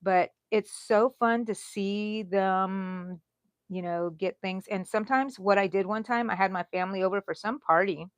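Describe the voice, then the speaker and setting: A woman's voice: mid-range voice, no room sound. A middle-aged woman hosting a crochet livestream, chatting in a rambling way and talking to herself as she works. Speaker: crochet channel host. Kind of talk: casual chat during a livestream.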